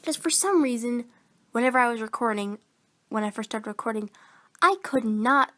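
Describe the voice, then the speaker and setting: A woman's voice: fairly high pitch, steady tone, moderate pace, fairly bright tone. A fourteen-year-old girl who is sick, rambling casually into her phone about recording voice-acting videos. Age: teens. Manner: rambling, meandering, self-deprecating. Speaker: voice actor vlogger.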